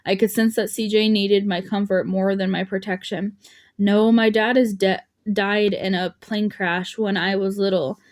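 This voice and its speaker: A woman's voice: medium pitch, fairly even intonation, measured pace. A woman narrating an audiobook, voicing the dialogue lightly, with small slips and restarts. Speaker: audiobook reader.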